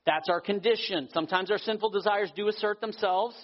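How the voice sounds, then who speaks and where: A man preaching a sermon as pastor, earnest, slowing down for emphasis. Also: high voice. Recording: dull audio with long hall reverb.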